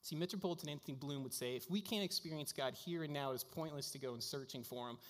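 A male pastor preaches a sermon in a casual, storytelling way, full of little fillers. His voice sits a bit high for a man. It rings out with a long reverb, as in a church sanctuary. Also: fast talker.

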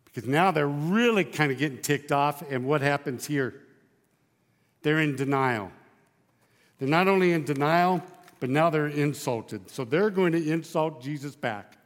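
A man's voice: a little high, unhurried, long reverb tail. A male pastor preaching a sermon, emphatic, driving his points home with repeated rhetorical questions.

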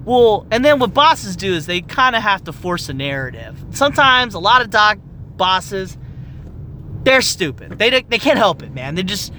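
Young adult, ranting monologue, profane, exasperated, sharp tone, faint vehicle rumble. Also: very animated, normal speed. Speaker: medical office worker.

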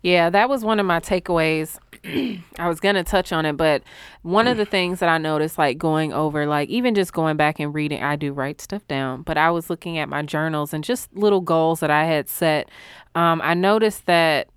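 A woman's voice: low-pitched, normal speed, clean tone, no room sound, clean studio sound. A woman in her twenties co-hosting a podcast, reflective and supportive in casual chat. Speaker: podcast co-host.

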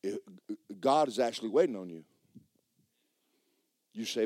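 A man preaching a sermon as pastor, swinging from shouted bursts to low, quiet lines and acting out dialogue. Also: animated, measured pace, no echo. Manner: acts out dialogue in dramatized voices. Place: church sanctuary.

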